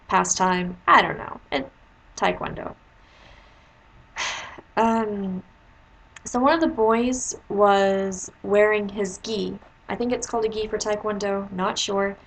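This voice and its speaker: A woman who teaches, talking casually to camera as she tells a story and slips into higher voices to quote her pupils. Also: gravelly, a bit bright, a little hiss or hum, low-quality recording. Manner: chatty, jumps into high voices when quoting kids.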